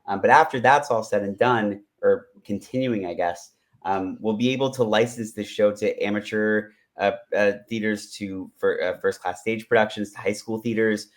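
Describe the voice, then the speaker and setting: A man's voice: fairly low pitch, normal speed. A man, a writer, talking eagerly in an interview, rambling with many restarts. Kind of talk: interview conversation.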